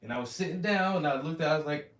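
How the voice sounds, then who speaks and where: Male painter host, loose animated storyteller with profanity; recorded in a room with some reverb, mic at a distance. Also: on the high side, racing. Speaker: oil painter hosting a livestream. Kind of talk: casual chat while painting.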